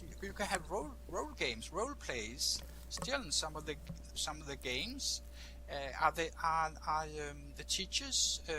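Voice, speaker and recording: A man's voice: on the high side, pushed and bright, a little hiss or hum. A man speaking as an in a casual online discussion, hesitant, with many fillers and repeated words. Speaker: participant teacher.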